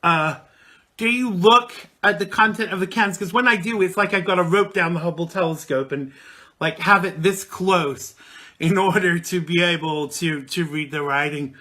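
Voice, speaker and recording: A man's voice: high voice, moderate pace, sharp tone. A man around forty hosting a live call-in radio show, chatting casually and rambling with lots of ums and restarts. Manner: rambling, with many fillers and restarts. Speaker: radio talk show host.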